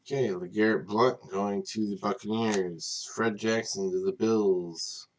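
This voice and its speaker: A man's voice: on the low side, unhurried. A man hosting a live card break stream, reading off players and teams in a casual, tired way, apologizing for yawning late at night. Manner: reads off names in a steady list.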